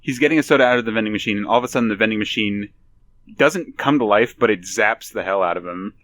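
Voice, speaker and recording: Low-voiced man, dry close sound. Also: fast, fairly bright tone, no echo. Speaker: podcast co-host. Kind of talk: casual podcast discussion.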